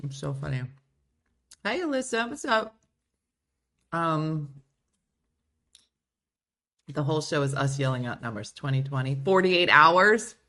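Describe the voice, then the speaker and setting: A woman hosts a casual livestream from her home, playfully reading out and riffing on viewer comments. Her voice sits a little low but has a bright, forceful edge, and it swoops widely up and down as she talks. She keeps the chat loose and joking. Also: animated, unhurried, pauses often. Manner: playful, reads viewer comments aloud and riffs on them. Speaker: show host.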